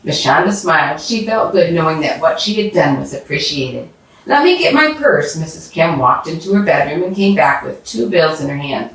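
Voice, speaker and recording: A woman storyteller reading a children's story aloud, with an animated manner, recorded in an echoey room from a distance. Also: deep voice, normal speed, few pauses. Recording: roomy echo from a distance.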